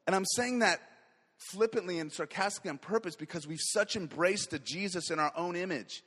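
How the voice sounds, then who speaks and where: A man preaches with fervent energy, dropping to quiet asides and then rising to loud declarations. His voice sits high for a man. The sound rings with the long reverb of a large hall. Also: a little fast, breathy edge. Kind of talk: sermon.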